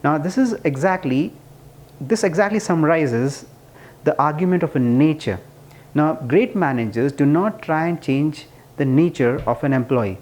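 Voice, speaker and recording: Man, fairly high voice, earnest explainer, casual delivery with restarts. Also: normal speed, darkish tone. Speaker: speaker explaining management ideas.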